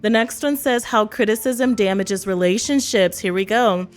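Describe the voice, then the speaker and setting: A woman's voice: mid-range voice, moderate pace. A woman from East Texas talking casually to the camera as a vlogger, laughing often and acting out quotes. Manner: chatty, laughs often, acts out quotes in other voices.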